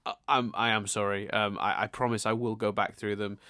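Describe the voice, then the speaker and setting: Fast-talking man rambling on a podcast. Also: fairly low pitch, flat delivery, pushed and bright, clean tone, no echo, studio quality. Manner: rambling, with many restarts and repeated words. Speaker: podcast co-host. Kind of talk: casual chat.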